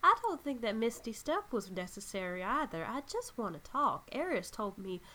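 A woman puts on a cold, scheming necromancer with a smug, mocking way of talking. Her voice sits a little high and sounds bright and crisp. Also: sing-song, normal speed, a little hiss or hum.

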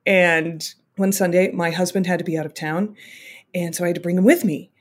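A woman who sings at church, telling a brisk story about her toddler with exasperated humor. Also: on the low side, fairly even intonation. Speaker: church singer and parent.

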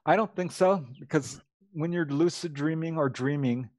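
Animated storytelling man, slightly high voice. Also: normal speed, no room sound. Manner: animated, laughs often, acts out dialogue. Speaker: guest. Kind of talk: casual storytelling.

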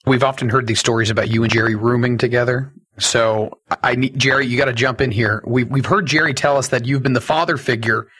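A man's voice: medium pitch, steady tone, fairly quick, fairly bright tone, slightly rough. A man hosting a podcast, playfully coaxing his guests into telling a story. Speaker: podcast host. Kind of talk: interviewer prompting a story.

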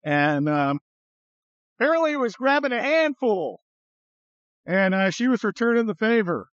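A man's voice: sits high, big pitch swings, normal speed, a bit bright, no room sound, highs cut off. A man hosting a podcast in casual political chat, rambling with many fillers and blunt, profane remarks. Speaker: podcast host.

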